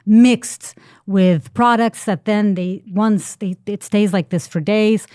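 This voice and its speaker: A middle-aged woman journalist telling an animated story on a talk show, full of restarts and fillers. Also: medium pitch, takes it slowly, clear, resonant tone, dry recording, clean studio sound. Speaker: investigative journalist guest.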